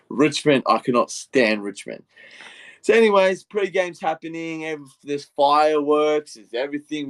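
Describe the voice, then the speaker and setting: A young adult man with an Australian accent, a podcast co-host telling a long, animated story, swinging between muttering and loud outbursts. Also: medium pitch. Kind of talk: casual podcast rant.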